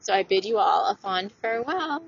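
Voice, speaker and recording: A woman's voice: mid-range voice, expressive, normal speed, gravelly, slightly rough, no room sound. Female spiritual host, earnest and gushing, dry, dull lo-fi sound. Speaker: spiritual podcast host, channeler. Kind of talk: solo spiritual monologue.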